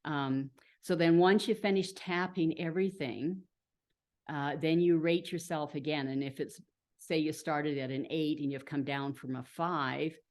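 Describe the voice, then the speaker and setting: A woman with a low voice leads a group through a meditation exercise. She talks informally and chattily over a video call, with plenty of fillers and easy laughter. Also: fairly even intonation, measured pace, darkish tone. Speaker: meditation teacher. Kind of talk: casual instructional talk guiding a group practice.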